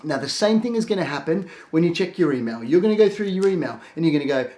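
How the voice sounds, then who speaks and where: Energetic coach in an echoey room. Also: male voice, on the high side. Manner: lively, acts out his own thoughts in quick asides. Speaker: productivity coach. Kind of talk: casual instructional talk to camera.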